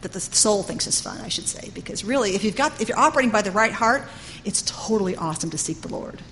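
A woman's voice: mid-range voice, expressive, fast, a bit bright, a little hiss or hum. A middle-aged woman teaching a sermon in an earnest, conversational way, often saying "you know". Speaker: Bible teacher. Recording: long hall reverb with faint ambience.

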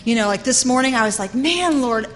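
Talking very fast in a fairly high, fairly bright voice with fairly even intonation, a middle-aged Bible teacher earnestly teaches a sermon and keeps dropping "you know." Long hall reverb, faint ambience, and a little hiss or hum surround her.

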